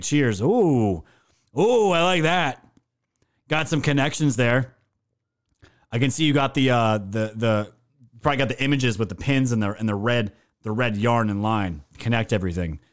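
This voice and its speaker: A man hosting a casual live stream, reacting to news with crude, mocking jokes and frequent laughter. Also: medium pitch. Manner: profane, mocking, laughs often. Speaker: livestream host.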